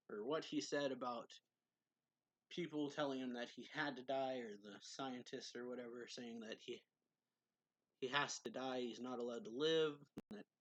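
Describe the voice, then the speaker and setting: A man reviewing a manga chapter in a casual recap, rambling with fillers and asides. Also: mid-range voice.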